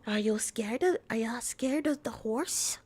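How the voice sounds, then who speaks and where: A woman's voice: a little high, unhurried, darkish tone, slightly rough, voice pushed up. A woman putting on a timid Scottish wee lass. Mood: pleading. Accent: put-on Scottish.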